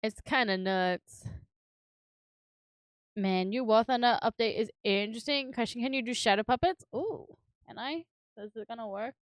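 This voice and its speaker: A woman's voice: fairly high pitch, moderate pace, clear, resonant tone, no room sound, clean studio sound. Giggly woman chatting on stream. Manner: giggly, chatty, swears casually, many fillers. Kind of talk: casual stream chat while building.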